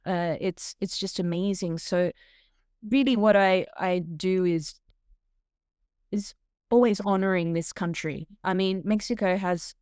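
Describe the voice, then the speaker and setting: A woman's voice: fairly low pitch, fairly even intonation, measured pace, darkish tone, smooth, no echo, studio quality. A middle-aged woman with an Australian accent, a podcast guest telling stories animatedly with laughs and frequent restarts. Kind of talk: podcast interview storytelling.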